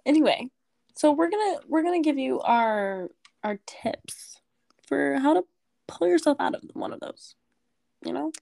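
A woman's voice: high voice, animated, measured pace, creaky, long pauses, mellow. A young woman co-hosting a podcast, chatting casually with a giggly, playful, rambling manner. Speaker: podcast co-host.

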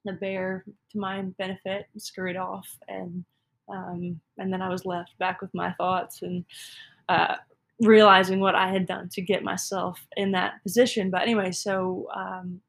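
A woman's voice: medium pitch, little pitch movement, measured pace, gravelly. A woman from Texas telling a personal story in a casual, self-deprecating way, full of "um" and "like". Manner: self-deprecating, chatty, many fillers like "um" and "like".

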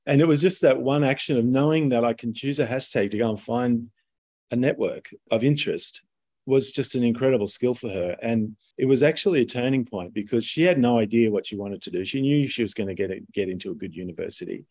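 A male educator talking in a rambling, conversational way, often pausing with "you know.". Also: medium pitch, darkish tone, no echo. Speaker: podcast guest, educator. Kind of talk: casual conversation.

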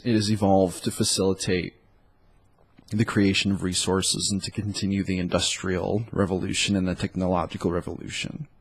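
A man with a cold, stuffed up and husky, speaks in a low voice. As a dating coach, he delivers a loose, rambling solo monologue packed with likes and ums.

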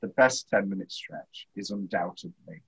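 A young man hosting a casual film chat, rambling and halting, laughing often. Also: deep voice, animated, fairly bright tone, breathy edge, low-quality recording. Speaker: podcast host.

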